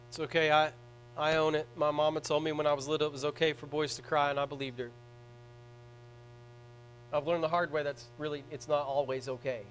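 High-pitched pastor preaching, goes quiet then loud, mains hum under it. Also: male voice, low-quality recording. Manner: emotional preaching, swinging from hushed to loud. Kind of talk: sermon.

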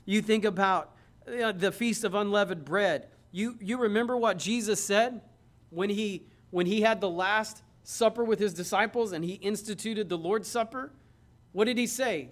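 A man's voice: sits high, a little slow. A man preaching a Sunday morning sermon, calling his listeners friends and acting out Bible scenes in quoted dialogue. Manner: preaching with rising fervor, addresses listeners as friends. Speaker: pastor.

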